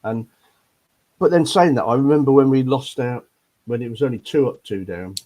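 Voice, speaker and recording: A man's voice: mid-range voice, moderate pace, warm tone. An older man from Leicester, grumbling his way through a rambling casual chat about football on a fan panel. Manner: grumbling, rambling with many ums.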